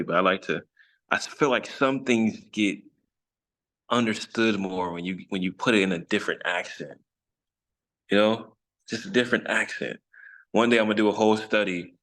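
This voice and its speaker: A man's voice: low voice, fairly bright tone. A man teaching an informal scripture study, rambling and self-correcting with jokes along the way. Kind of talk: casual online study lesson.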